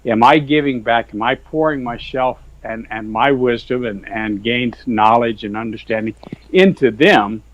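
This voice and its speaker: A man's voice: medium pitch, measured pace, dull audio. A man, a Christian author and guest, telling his faith story in a folksy, rambling way over a video call. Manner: folksy, rambling, heavy on "you know" and "sir". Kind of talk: earnest testimony in casual chat.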